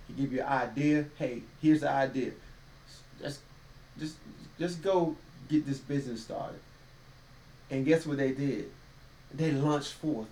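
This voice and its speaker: A mellow, slightly high male voice at a measured pace co-hosts a casual faith podcast, folksy and preachy, quoting voices here and there. The sound is roomy, with a distant mic and faint ambience.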